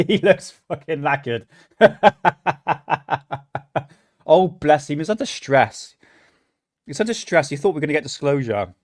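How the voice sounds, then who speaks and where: A man's voice: fairly high pitch, animated, a little slow, pauses often, no echo, clean studio sound. Rambling sweary British man hosting a livestream. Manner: rambling, swears often, laughs at himself. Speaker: livestream host. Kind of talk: casual livestream chat.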